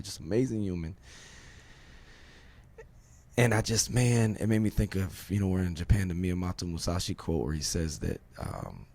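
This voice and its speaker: A man's voice: deep voice, darkish tone. A man from Virginia hosting a podcast, talking emphatically in a rambling way, swearing and asking rhetorical questions. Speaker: podcast host. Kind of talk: casual podcast conversation.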